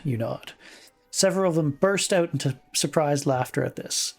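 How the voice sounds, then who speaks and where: A man's voice: on the high side, moderate pace, vocal fry, faint music behind. A man streaming himself reading an interactive fiction game aloud, often stumbling and rereading words, with asides of his own. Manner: stumbles and rereads words, chuckles, puts on voices for lines.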